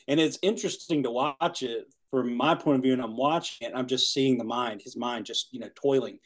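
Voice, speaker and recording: A man's voice: medium pitch, a little fast, few pauses. A man in his forties telling a rambling personal story in casual chat, laughing often and saying "man" and "you know". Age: 40s. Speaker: guest.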